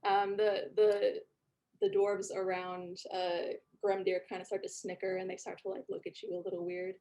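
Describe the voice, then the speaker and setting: A woman's voice: medium pitch, little pitch movement, normal speed, dark tone. A woman narrating as game master in a tabletop game, chatty with many fillers.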